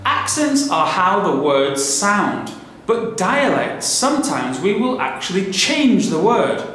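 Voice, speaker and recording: A man with a Lancashire accent hosting a children's show, talking in an animated, theatrical way with big swoops in his voice. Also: high voice, slow pace. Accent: Lancashire English. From Lancashire, north of England. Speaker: children's show host and teacher. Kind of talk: lively presenting for children. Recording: very echoey room with music behind.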